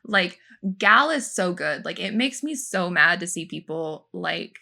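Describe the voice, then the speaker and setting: Gravelly-voiced woman telling set stories. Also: lowish voice, a little slow. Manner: animated storytelling, many fillers. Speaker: podcast co-host, former film extra. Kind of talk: casual podcast chat.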